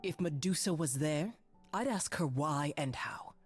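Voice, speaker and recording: A woman voicing a weary, regal goddess mother who speaks softly and formally. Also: low-pitched, lively intonation, breathy edge, faint music behind, full character voice. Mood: measured. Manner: soft, measured and formal.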